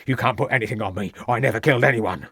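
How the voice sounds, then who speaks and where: A man's voice: mid-range voice, racing, a bit bright, husky, dry recording, clean studio sound. A man voicing a surly, aggressive farmer suspect who talks in defiant, ungrammatical rustic speech.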